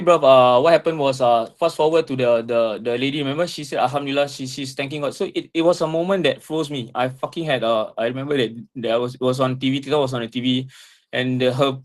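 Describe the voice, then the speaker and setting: A tearful man in an emotional personal monologue, impassioned and profane, full of halting restarts. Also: mid-range voice. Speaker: speaker talking with an AI assistant.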